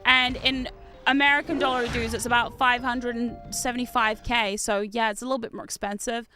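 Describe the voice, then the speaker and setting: A woman's voice: a little high, little pitch movement, brisk, pushed and bright, soft background music. A young woman with a New Zealand accent, chatting casually and swearing freely while streaming a game. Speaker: VTuber streamer. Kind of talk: casual gaming stream chat.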